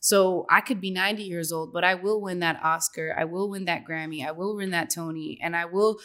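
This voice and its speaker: A young woman guest in a casual interview, chatty and upbeat, laughing often and filling pauses with "um" and "like". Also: fairly low pitch, steady tone, fairly bright tone. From Dominican heritage. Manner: chatty, laughs often, many fillers and restarts.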